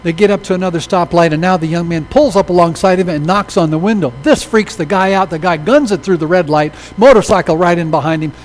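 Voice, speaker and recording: Animated preaching man, somewhat high voice. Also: fast, hardly any pauses, a little hiss or hum, poor audio. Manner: animated, acts out quoted voices in stories. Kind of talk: sermon storytelling.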